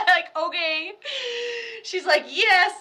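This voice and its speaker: A woman's voice: high-pitched, normal speed, pushed and bright. A woman psychic medium giving a live reading in a rambling, chatty way, often breaking into laughter.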